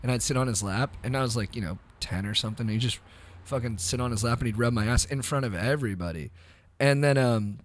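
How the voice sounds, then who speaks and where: A man's voice: mid-range voice, fast, a little hiss or hum. A comedian guest on a podcast, telling stories in a loose, casual way and filling his talk with "like" and "dude". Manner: loose, slangy, heavy use of "like" and "dude". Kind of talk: casual storytelling chat.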